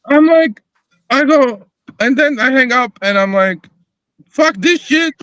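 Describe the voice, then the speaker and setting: Brief: bright-voiced man, profane and animated, in a dry studio, acting out the calls. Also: very high voice, unhurried, clear, resonant tone, no echo, dull audio. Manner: profane, animated storytelling, acts out phone calls. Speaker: rideshare driver advocate, guest. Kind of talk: heated casual podcast talk. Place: live podcast studio.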